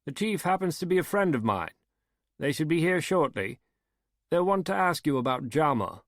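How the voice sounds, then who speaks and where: A man puts on a fussy, talkative rich man for a crime audiobook, pitched well above his own voice. He speaks precisely and stretches his words. The recording is close and dry. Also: sing-song, normal speed, no room sound. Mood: eager.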